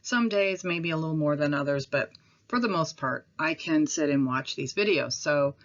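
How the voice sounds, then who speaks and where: A woman with a Midwestern accent talks casually into her camera at home. Her voice sits low, and she rambles a little, with pauses and apologies. The recording is dull and lo-fi. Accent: Midwestern American. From Midwestern United States. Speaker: vlogger.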